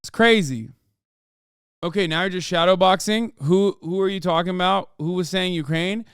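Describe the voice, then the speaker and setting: A man's voice: high voice, moderate pace, a bit bright, smooth, dry recording, studio quality. A man streaming his reaction to a video, ranting heatedly and profanely, often mocking others in put-on voices. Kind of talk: heated livestream rant.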